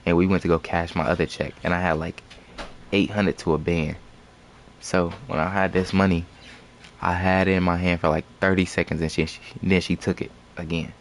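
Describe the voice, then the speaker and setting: A man's voice: deep voice, flat delivery, normal speed, slight background noise. A young man telling a story in a loose, slangy, rambling way on a casual live stream. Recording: music playing behind.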